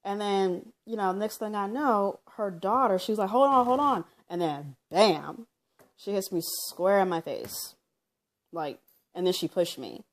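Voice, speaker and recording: Casual vlogger woman with a low voice, talking through a personal story off the cuff with plenty of fillers. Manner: rambling, with many fillers like um and you know; loosely reenacts what people said as she tells it. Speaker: vlogger telling her own story.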